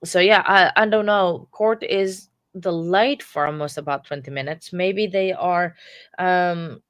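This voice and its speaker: A sad woman close to tears, hosting a casual true crime live stream in a subdued, monotone way. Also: fairly low pitch, a little slow, no echo. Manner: subdued, self-described monotone delivery. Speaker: true crime livestream host.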